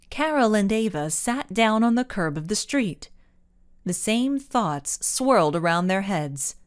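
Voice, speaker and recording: A woman narrating a children's mystery audiobook in a measured, expressive manner. She reads at an unhurried pace, and her pitch rises and falls vividly. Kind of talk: scripted storybook narration.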